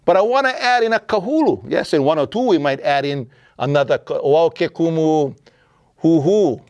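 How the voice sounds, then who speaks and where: A man's voice: a little high, animated, moderate pace, darkish tone, dry recording. A man teaching a grammar lesson, explaining patiently and asking and answering his own questions. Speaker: Hawaiian language teacher.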